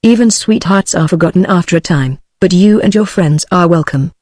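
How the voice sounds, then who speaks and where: A synthetic British woman reading a calm Munchkin girl. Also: fairly low pitch, moderate pace, no room sound, clean studio sound, close to an everyday voice. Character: pretty young Munchkin woman, calm and cool.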